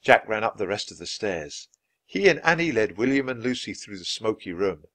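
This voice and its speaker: A man reading a children's book aloud, clear and expressive, at an easy pace for learners. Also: lowish voice, moderate pace, dry recording. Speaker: storybook reader.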